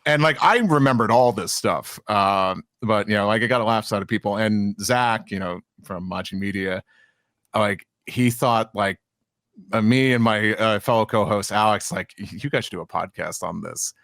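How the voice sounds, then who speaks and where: A man's voice: fairly low pitch, moderate pace, fairly bright tone, dry recording, studio quality. A man, a podcast co-host, talking casually and loosely, with lots of restarts and fillers. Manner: chatty, many restarts and "you know" fillers. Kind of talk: casual chat.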